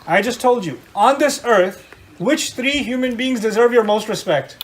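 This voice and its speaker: A middle-aged man giving an animated religious lecture to a live audience, often quizzing his listeners with questions. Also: extremely high pitch, moderate pace. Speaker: Islamic lecturer.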